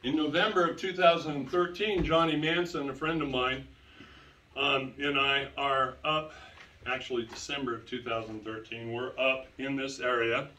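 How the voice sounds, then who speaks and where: A man's voice: medium pitch, steady tone, moderate pace, pushed and bright, a little hiss or hum. A man giving a public lecture, telling stories to an audience and repeating key phrases for emphasis. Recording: roomy sound, distant from the mic.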